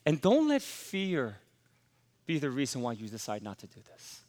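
A man preaching a sermon as pastor, emphatic and rising to forceful exhortation. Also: medium pitch, wildly swooping pitch, moderate pace, long reverb tail.

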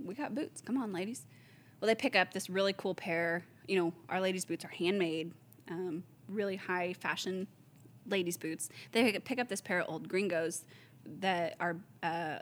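A woman, a store owner casually telling lively stories, acting out the voices of the people she quotes. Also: on the low side, moderate pace. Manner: animated storyteller, acts out quoted voices, laughs often. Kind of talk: casual chat.

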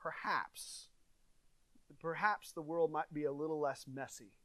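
A male pastor preaches in an earnest, conversational way, rising to stress a point and sinking low and soft for reflection. His voice sits a little high for a man, and the recording is dry and close, with almost no room sound. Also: unhurried, no room sound. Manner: earnest, conversational preaching with dynamic swings in volume. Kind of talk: sermon.

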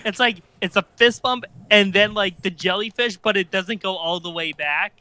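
A man's voice: high-pitched, normal speed, noisy background. A man co-hosting a casual chat, eager and often restarting his sentences. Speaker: podcast co-host.

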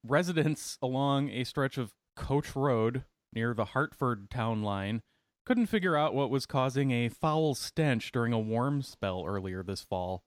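A man's voice: medium pitch, lively intonation, no echo. A man co-hosting a podcast, reading out odd news stories in casual chat and teasing his co-hosts. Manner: jokey, reads news items with pauses. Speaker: podcast co-host.

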